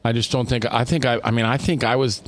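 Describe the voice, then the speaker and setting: This man runs a talk radio show in a casual, rambling style, often restarting what he says and lengthening words for emphasis. His voice is medium-pitched with fairly even intonation.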